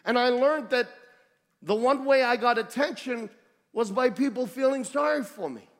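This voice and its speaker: A high-pitched man with a New York accent preaches in a storytelling way, animated and wry about himself. His voice rings out with a long reverb, as if carried through a large hall. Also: moderate pace. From United States. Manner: conversational, animated storytelling with self-deprecating humor. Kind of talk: storytelling sermon testimony.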